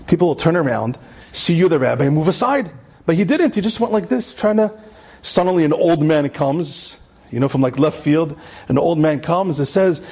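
A man's voice: sits high, animated, fairly quick, a little mellow. A man telling an inspirational story, emphatic and repeating key phrases, with Hebrew terms mixed in. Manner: sprinkles Hebrew and Yiddish terms.

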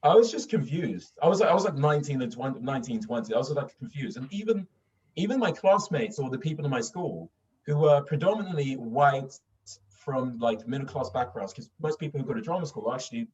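Animated and a bit fast, this young man's medium-pitched voice has a darkish tone, and the dull, distant recording carries a little hiss or hum. A voice actor from northern England with a well-spoken English accent, he tells casual interview stories with many fillers and restarts.

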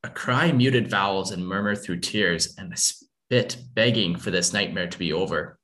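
A man's voice: deep voice, normal speed, a bit bright. A man reading a first-person war story aloud in an earnest, somber way. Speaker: narrator.

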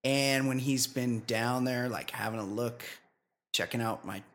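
A man co-hosting a comedy podcast, chatting casually and leaping up in pitch when he is incredulous. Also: steady tone, measured pace, a bit bright. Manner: incredulous, jumps high in pitch for emphasis. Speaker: podcast co-host.

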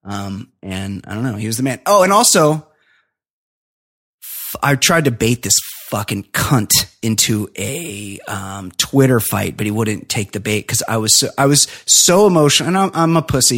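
A man's voice: lowish voice, expressive, normal speed, a bit bright. A man hosting a podcast, chatting casually in long, rambling, profane rants. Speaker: podcast host.

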